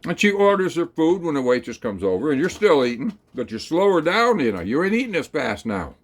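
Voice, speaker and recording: A man telling a rambling, folksy second-person story, talking slowly through it with plenty of hesitations and fillers. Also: a little high, big pitch swings. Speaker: channel host.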